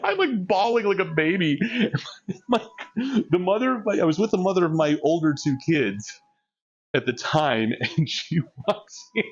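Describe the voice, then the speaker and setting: A man's voice: a little high, dull audio. A man streaming live during a gym session, chatting candidly and rambling, laughing often. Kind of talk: casual chat while working out.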